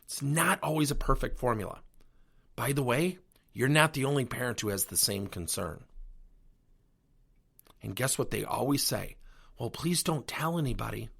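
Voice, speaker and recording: A man's voice: medium pitch, normal speed, vocal fry, pauses often, slightly rough. A middle-aged man hosting a coaching podcast, telling stories and acting out conversations as he goes. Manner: animated storytelling with acted-out dialogue. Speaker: podcast host and workplace coach. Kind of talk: solo podcast monologue.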